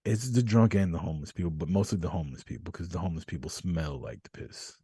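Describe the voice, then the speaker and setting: A man hosting a podcast, telling stories in a casual, profane, animated way. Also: low-pitched, fast talker, breathy edge, no room sound. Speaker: podcast host. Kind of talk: casual chat.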